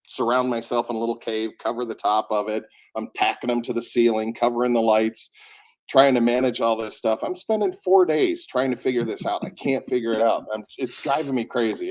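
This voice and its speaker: A man working as an audiobook narrator who has a cold, telling stories in a casual chat and acting out the quoted lines. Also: mid-range voice. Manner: animated storyteller who acts out quotes.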